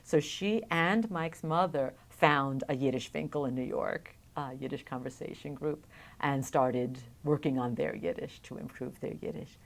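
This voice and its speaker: A woman's voice: rumbling low, normal speed, creaky. A middle-aged woman telling a personal story in a recorded oral history interview, wry and reflective.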